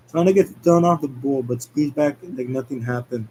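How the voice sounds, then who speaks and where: A man reading a movie script aloud as narration, halting and stumbling over words as he goes. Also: medium pitch, fairly even intonation, darkish tone, a little hiss or hum, low-quality recording. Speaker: script reader. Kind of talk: amateur script read-aloud.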